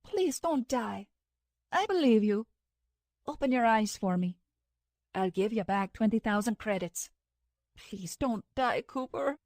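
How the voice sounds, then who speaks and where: Audiobook heroine, frantic young woman, high tearful pleading, read by a woman narrator, dry close sound. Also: lively intonation, measured pace, pauses often, darkish tone, no room sound. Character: distraught young woman pleading over friend.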